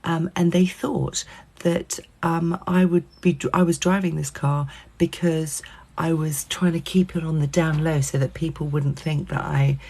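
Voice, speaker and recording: Gravelly woman telling a story. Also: deep voice, measured pace. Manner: animated, swears freely, lots of fillers. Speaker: channel host telling a personal story. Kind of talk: casual anecdote.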